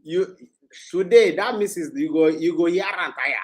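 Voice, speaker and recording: A man with a Nigerian accent, a panelist in a casual podcast discussion, speaking in a measured way and mixing in Pidgin. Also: high voice.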